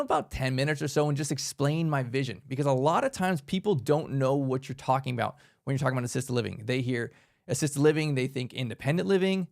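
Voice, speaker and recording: Upbeat man with a gravelly voice. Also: mid-range voice. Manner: energetic, emphatic, conversational. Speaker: workshop presenter. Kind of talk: casual instructional talk.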